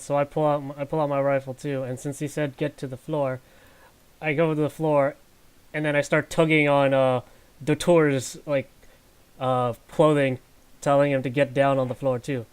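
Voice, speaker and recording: Male player, fairly high, clear smooth voice, inquisitive. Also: level tone, normal speed. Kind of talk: playing a tabletop game.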